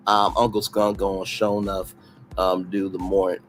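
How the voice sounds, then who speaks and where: A man's voice: low voice, moderate pace, soft background music, poor audio. A man with a Southern US accent hosting a late-night livestream, chatting sassily and reading comments aloud. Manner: animated, sassy, reads chat comments aloud. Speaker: livestream host.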